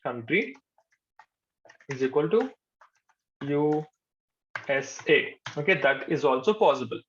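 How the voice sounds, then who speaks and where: Guy teaching coding live, slightly high voice, keeps saying okay, dull recording. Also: animated, takes it slowly, slight background noise. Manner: patient, repeats points, says "okay" often. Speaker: programming instructor. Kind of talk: live coding lecture to a class. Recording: dull lo-fi sound.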